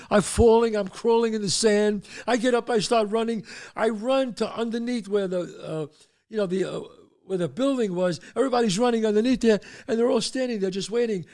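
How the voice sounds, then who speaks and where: The voice is high-pitched and fairly quick, belonging to an older man from the Bronx, New York, who hosts a show. He spins casual stories with lots of animation, doing the voices himself.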